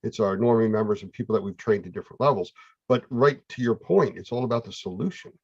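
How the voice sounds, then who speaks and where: A man's voice: lowish voice, fast talker, a little mellow, slightly rough, no echo, lo-fi sound. A man hosting a casual chat, talking in a conversational, explanatory way. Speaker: host.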